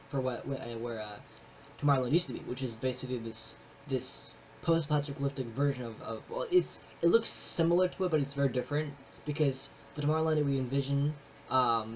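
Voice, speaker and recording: A man casually reviewing a movie, rambling with many fillers and restarts, enthusiastic. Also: mid-range voice. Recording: slightly dull with faint noise.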